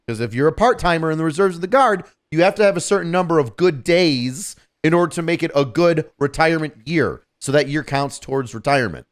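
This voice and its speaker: A man in his thirties tells a story on a podcast in a loose, swearing, animated manner. His voice sits a little high for a man, and he gets loud and exasperated as he goes. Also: fairly quick, few pauses. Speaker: podcast co-host telling a story. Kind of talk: casual storytelling chat.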